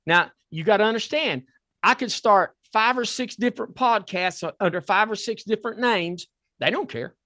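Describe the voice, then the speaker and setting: A man with a Southern accent hosting a talk podcast, excitable and repeating himself as he pitches a sponsor. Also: normal speed, dry recording, studio quality. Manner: excitable, repeats words and restarts. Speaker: podcast host. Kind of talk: casual chat with a sponsor plug.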